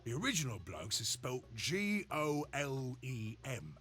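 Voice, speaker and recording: A man's voice: medium pitch, big pitch swings, measured pace, a bit bright. An actor playing a cheery working-class male robot laborer, in folksy, slangy banter. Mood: chummy. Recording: game audio over faint music.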